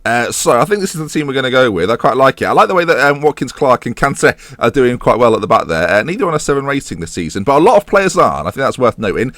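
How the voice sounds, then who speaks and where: A man's voice: mid-range voice, very animated, fast, hardly any pauses, fairly bright tone, no echo, clean studio sound. A man giving casual, sarcastic let's-play commentary, slipping into mock match-commentator patter. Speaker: gaming YouTuber.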